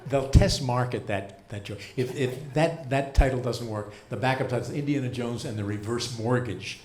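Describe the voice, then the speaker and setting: An American man in his seventies works a comedy club stage with a dry, deadpan stand-up delivery, holding for a beat before each punchline. His voice sits at an ordinary middle pitch. The live room adds a roomy echo around him. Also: moderate pace, background noise. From United States. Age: 70s.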